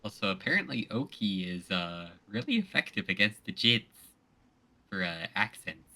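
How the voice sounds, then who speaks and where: A co-host on a casual gaming stream, talking hesitantly with many pauses and uhs. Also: sits low, big pitch swings, bright, forceful tone.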